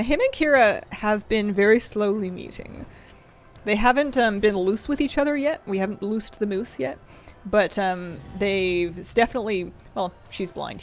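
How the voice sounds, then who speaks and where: A woman streamer chatting casually, rambling and affectionate, often restarting her sentences. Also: medium pitch. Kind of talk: casual chat.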